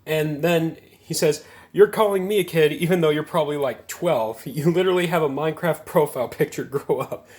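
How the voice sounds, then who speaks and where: A young man in his twenties tells a gaming story in a loose, rambling way, amused at himself and full of fillers. His voice sits slightly high. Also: brisk, a little mellow. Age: 20s. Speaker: gaming video creator. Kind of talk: casual storytelling to camera.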